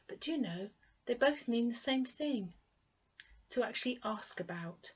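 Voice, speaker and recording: A woman with a British accent leads a pronunciation lesson at a moderate pace, her mid-range voice animated. She elongates each example word clearly and repeats words patiently for the learner to copy, though the sound is lo-fi.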